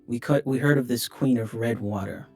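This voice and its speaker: A man playing a confident, smooth-talking adventurer who speaks politely and persuasively, in a tabletop game. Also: medium pitch, moderate pace, darkish tone, faint music behind, close to an everyday voice. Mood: earnest.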